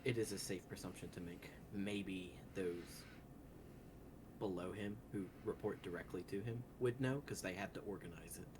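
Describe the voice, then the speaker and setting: A man's voice: low voice, normal speed, noisy background. A man playing a tabletop game, answering in a dry, matter-of-fact way. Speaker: player. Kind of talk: tabletop role-play.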